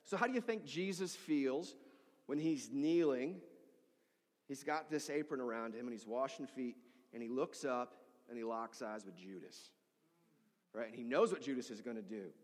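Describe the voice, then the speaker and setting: Animated pastor preaching in a reverberant hall. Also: male voice, mid-range voice, normal speed. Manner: animated storytelling, acting out voices of people in his story. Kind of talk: sermon.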